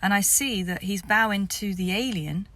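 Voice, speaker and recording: A woman's voice: medium pitch, moderate pace, bright, forceful tone. A woman, a spiritual vlogger, telling the story of a vision in a rambling way that sometimes drops to a whisper.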